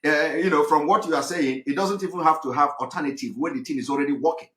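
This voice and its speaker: Halting male host in a roomy echo. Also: on the high side, a bit bright, slight background noise. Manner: halting, with many fillers and restarts. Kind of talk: talk show moderating.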